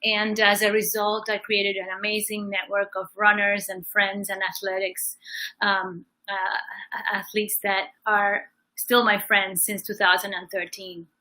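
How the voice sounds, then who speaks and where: Bright-voiced woman chatting on a livestream. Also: mid-range voice, level tone, measured pace, low-quality recording. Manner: chatty, fluent storytelling with occasional fillers. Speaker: singer and life coach hosting a livestream. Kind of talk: casual livestream talk.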